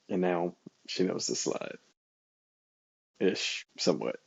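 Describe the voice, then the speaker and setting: A man's voice: low-pitched, slow, vocal fry, husky. Laughing storyteller man, lo-fi audio. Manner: animated storytelling, laughs often. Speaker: podcast co-host. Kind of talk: casual chat.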